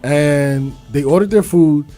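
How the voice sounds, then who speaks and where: A man's voice: fairly high pitch, mellow, faint music behind. A man co-hosting a radio talk show who teases the host and jumps in with remarks, then tells his own story, on a studio microphone. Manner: teasing, quick to interject.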